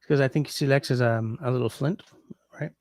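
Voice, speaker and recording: A man's voice: mid-range voice, fairly even intonation, a little fast, darkish tone, dry recording, studio quality. A man hosting a casual livestream, reading out viewer comments and thinking aloud as he tries out French translations. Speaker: livestream host.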